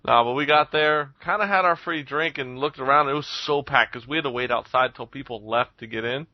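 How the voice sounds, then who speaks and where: A man's voice: medium pitch, fairly quick, no room sound. A man co-hosting a podcast, telling a story in casual chat, swearing a lot and acting out what others said. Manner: animated storytelling, swears a lot, acts out quotes. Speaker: podcast co-host. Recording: dull lo-fi recording.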